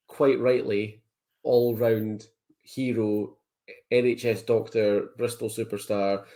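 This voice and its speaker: A man's voice: fairly low pitch, a little mellow. A man who is a guest on a casual sports podcast, confidently rattling off his opinions.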